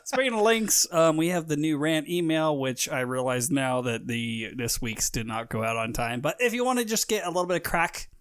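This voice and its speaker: A man's voice: fairly high pitch, normal speed, hardly any pauses, a bit bright, clear, resonant tone, no room sound, clean studio sound. A man in his thirties co-hosting a podcast in casual, profane, joking chat. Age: 30s. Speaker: podcast co-host.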